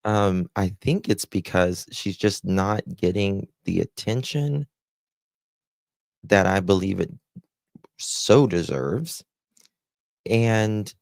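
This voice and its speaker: A man with a very low, gravelly voice hosts a live stream, taking his time over every word. He greets his viewers one by one with heartfelt endearments. The sound is dry and close, with no room around it. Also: takes it slowly, long pauses, a little mellow, no room sound. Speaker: livestream host.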